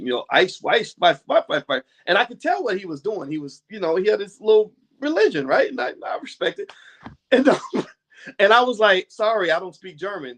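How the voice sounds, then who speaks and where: A man's voice: high-pitched, a bit bright. An American man hosting a motivational talk, reading from a book and preaching to his viewers with frequent laughs and casual swearing. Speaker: host.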